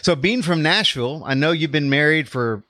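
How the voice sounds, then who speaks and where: A man's voice: on the high side, moderate pace, sharp tone, dry recording, clean studio sound. Upbeat man hosting a faith podcast. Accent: Texas. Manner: upbeat, welcoming, faith-centered talk. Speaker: podcast host and life coach. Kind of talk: podcast interview.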